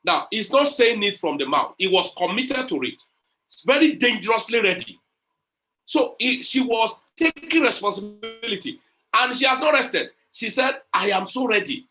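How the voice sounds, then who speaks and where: Man, slightly high and forceful, preachy motivational speaker who repeats himself. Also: animated, moderate pace, soft background music. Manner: preachy, repeats phrases, retells conversations. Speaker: crypto community leader. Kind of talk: motivational online talk.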